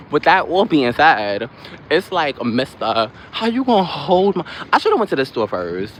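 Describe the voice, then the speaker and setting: A man chatting casually on a live stream while walking outdoors, rambling from one topic to the next with quick asides. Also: fairly high pitch, very animated, a bit bright. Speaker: livestream host. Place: outdoors on a busy city street. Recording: noisy street with passing traffic.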